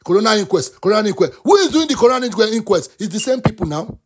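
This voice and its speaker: A man with a Nigerian accent hosts a talk show and gives animated commentary. He is impassioned, mixes English and Yoruba, and keeps breaking into shouts. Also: sits high, rapid-fire, husky. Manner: impassioned, switches between English and Yoruba, often bursts into shouts.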